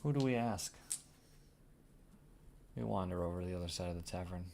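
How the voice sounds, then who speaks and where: Deep, gravelly man narrating solo play. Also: fairly quick, darkish tone, slight background noise. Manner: casual, profane, improvised narration. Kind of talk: narrating a solo tabletop game.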